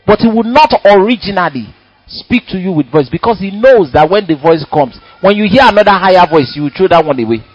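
A man preaching a sermon in a church, animated and dramatic, acting out little quotes as he goes. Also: high-pitched, a little fast, husky, no room sound, highs cut off.

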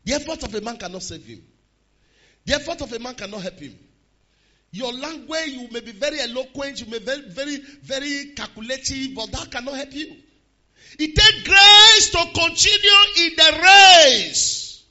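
Guy preaching a sermon, real high sharp voice, goes quiet then shouts slow, kinda muffled recording. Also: animated. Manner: swings from quiet to shouted emphasis, slows hard on key lines.

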